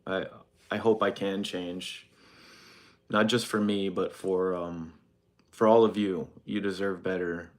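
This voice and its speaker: A young man livestreaming from his phone, speaking in a halting, hesitant, deadpan mock-sincere apology while reading chat. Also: sits low.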